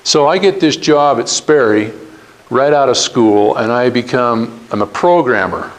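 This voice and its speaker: A man's voice: medium pitch, expressive, measured pace, rough recording. Earnest man telling his career story. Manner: earnest anecdotal storytelling, acts out quoted dialogue. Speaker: guest speaker. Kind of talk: storytelling talk to students.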